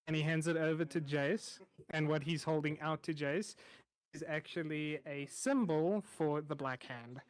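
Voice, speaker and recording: A man narrating a tabletop game as game master in a relaxed, loose way. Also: fairly high pitch, normal speed, smooth.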